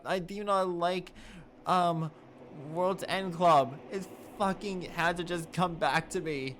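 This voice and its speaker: A man's voice: sits high, measured pace, fairly bright tone, a little hiss or hum. A man streaming a video game with casual commentary, swearing in exasperated outbursts. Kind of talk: casual let's-play commentary.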